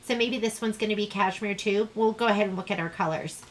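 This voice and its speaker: A woman's voice: mid-range voice, fast talker, slight background noise, low-quality recording. A woman teaching a live online sewing class, chatting in a rambling, self-deprecating way as she works. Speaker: sewing instructor.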